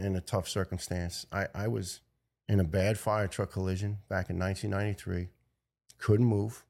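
New firefighter guy, 50s, low gravelly voice, earnest, stumbles and restarts a lot. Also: darkish tone. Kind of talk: personal storytelling speech.

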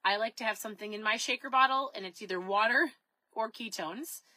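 A woman's voice: fairly high pitch, a little fast, pushed and bright, dry recording, rough recording. A woman in her thirties chatting casually to her viewers about diet, upbeat and full of questions for them. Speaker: keto lifestyle vlogger. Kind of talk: casual direct-to-camera talk.

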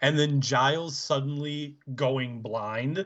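A man's voice: mid-range voice, takes it slowly, fairly bright tone. Dry, drawling man on a muffled mic. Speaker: podcast co-host. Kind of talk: casual profane recap chat.

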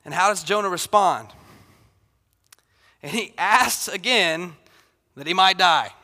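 A man preaching in a church sanctuary, his bright, forceful voice ringing through a reverberant hall. He talks in a relaxed, conversational way and acts out quotes with growing intensity. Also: sits high, takes it slowly. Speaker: pastor. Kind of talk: sermon.

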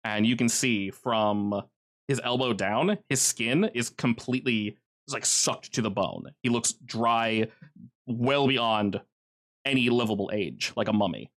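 A man's voice: medium pitch, a little slow, fairly bright tone. A man running a tabletop game as game master, telling the scenes in a casual, vivid way with many fillers.

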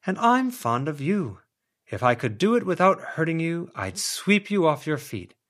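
A man's voice: a little high, sing-song, a bit bright, voice pushed up. A man voicing a whimsical, romantic young man in an audiobook reading, drawing out his words dramatically. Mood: dreamy theatrical. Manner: slow, lingering, dramatic delivery.

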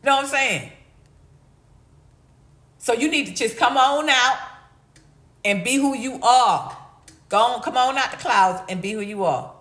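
A woman's voice: on the high side, unhurried, long pauses, fairly bright tone. A middle-aged woman hosting a livestream, chatting casually and reading chat comments in a slangy, blunt, laughing way. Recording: echoey room.

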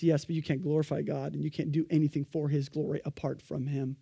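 A man preaching a sermon, animated and emphatic, acting out the voices of the people he quotes. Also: on the high side, fast talker, creaky, hardly any pauses, breathy edge, no echo.

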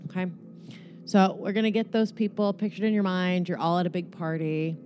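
A woman's voice: on the low side, little pitch movement, brisk, darkish tone, soft background music. A woman guiding a meditation in a loose, joking way, swearing freely as she talks. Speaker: meditation guide. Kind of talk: guided meditation talk.

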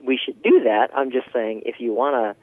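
A man telling a lively story over a tinny phone line. He laughs often and talks with plenty of fillers. His voice is dry and close, with a middling pitch. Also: moderate pace, no echo. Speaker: guest. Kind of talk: casual storytelling.

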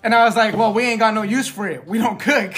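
A man's voice: sits high, fairly even intonation, fast, fairly bright tone. A young man casually telling a work story among friends, slangy and laughing often. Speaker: podcast co-host.

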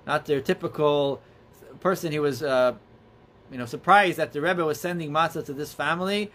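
A man earnestly telling religious stories as a teacher, in a halting, storytelling way. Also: on the high side, fairly bright tone. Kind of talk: storytelling talk.

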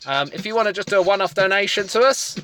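A man's voice: high-pitched, lively intonation, fast talker, noisy background. A man co-hosting a casual podcast, a comedian talking loosely with plenty of ums and some teasing. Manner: chatty, rambling with ums, teasing. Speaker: podcast co-host.

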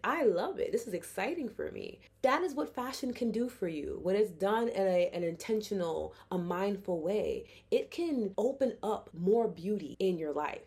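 A young adult woman hosting a solo podcast, talking in an earnest, expressive, casual way and swearing now and then. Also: mid-range voice. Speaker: podcast host.

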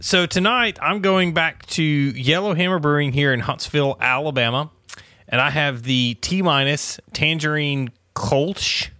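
A man co-hosting a casual beer podcast, laughing often and agreeing quickly. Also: on the high side, pushed and bright, no echo, studio quality. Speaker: podcast co-host. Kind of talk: casual chat.

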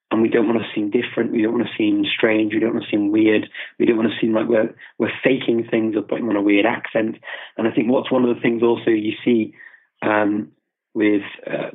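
A man's voice: lowish voice, little pitch movement, brisk. A British man explaining his views thoughtfully in a conversational interview, often restarting his sentences. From Britain. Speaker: guest, polyglot. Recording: phone-like remote call audio.

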